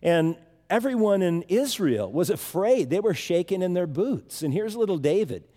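A man's voice: high-pitched, big pitch swings, moderate pace, mellow, big-room sound. A man preaching a sermon in a conversational, emphatic way, often restarting his phrases.

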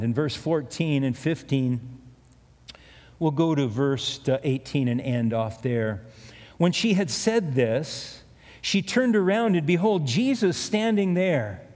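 A middle-aged man preaches, weaving scripture into relaxed personal stories as a pastor. His voice sits a little high for a man. The sound carries a long, echoing reverb, as if from a church hall. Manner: conversational storytelling preaching with asides. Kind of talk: sermon.

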